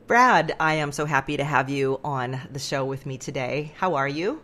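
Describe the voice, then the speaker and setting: A woman hosting a podcast, talking in a playful, expressive way and sometimes dropping to a soft near-whisper. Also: sits low, normal speed, hardly any pauses, music in the background. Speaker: podcast host. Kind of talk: podcast intro monologue.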